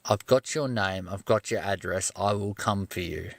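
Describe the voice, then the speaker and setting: A man's voice: deep voice, moderate pace, vocal fry, fairly bright tone, no echo. A man mimicking an aggressive, self-important male ranger cop with a bossy, demanding voice. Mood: threatening.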